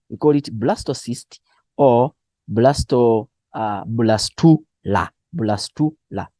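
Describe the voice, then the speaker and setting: A man going through exam answers as a teacher, spelling out key terms slowly and asking and answering his own questions. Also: medium pitch, mellow, dry recording, studio quality. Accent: Southern African English. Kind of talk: exam revision lesson.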